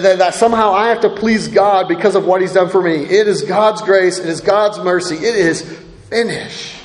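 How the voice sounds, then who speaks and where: A male pastor giving a conversational sermon, often checking in with the congregation by asking "right?". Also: sits high. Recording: echoey hall with long reverb.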